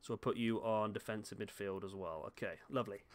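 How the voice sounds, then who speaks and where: A man's voice: on the low side, a little fast. A man giving casual, chatty commentary on a football game at home, talking to the players on screen and joking at himself. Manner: chatty, self-mocking, talks to the players on screen. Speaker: gaming YouTuber. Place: home room.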